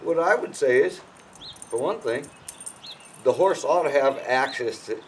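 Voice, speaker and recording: A man's voice: measured pace, a little hiss or hum, low-quality recording. A man giving casual horse-training advice in a blunt, emphatic way, often restarting his sentences. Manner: lively, swinging from low mutters to loud bursts. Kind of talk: casual instructional talk.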